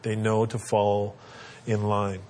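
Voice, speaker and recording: A man in his thirties, a father, casually telling family stories and giving parenting advice, acting out his kids in high squeaky voices. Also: slow pace, slight background noise. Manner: animated, acts out kids' voices in a high pitch.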